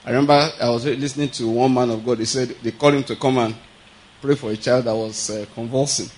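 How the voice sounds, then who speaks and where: A man preaching in a relaxed, conversational way, with a middle-pitched voice. He often stops to ask whether the listeners follow, and laughs lightly as he teaches. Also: fast, rough recording. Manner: conversational teaching with frequent check-ins and chuckles. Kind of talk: sermon.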